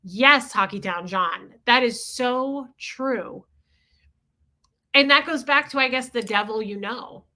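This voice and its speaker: A woman's voice: fairly high pitch, slow, bright, forceful tone. A woman in her forties hosting a livestream, talking candidly and confessionally while greeting viewers in the chat, with casual swearing. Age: 40s. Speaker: livestream host reading chat.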